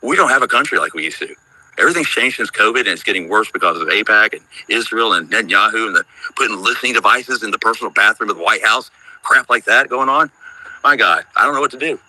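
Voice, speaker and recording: A man's voice: fairly low pitch, expressive, fast talker, sharp tone, dry recording, rough recording. A man in his fifties calling into a live audio chat, talking in a worried, rambling, emphatic way. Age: 50s. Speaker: caller on a live audio room. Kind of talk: casual chat.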